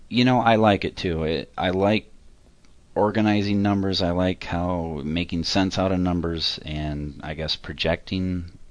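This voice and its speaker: Deep-voiced halting man. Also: no room sound. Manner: halting, rambling, self-correcting. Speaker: accountant interviewee. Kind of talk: casual interview answers.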